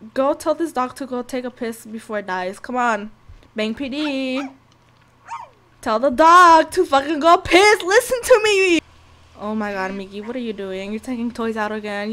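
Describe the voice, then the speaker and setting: A young woman giving casual, profane, excitable commentary over a life-sim game, scolding the characters as she plays. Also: mid-range voice, normal speed, slight background noise. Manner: profane, excitable, talks to the sims. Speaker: gameplay commentator. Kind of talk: casual let's-play commentary.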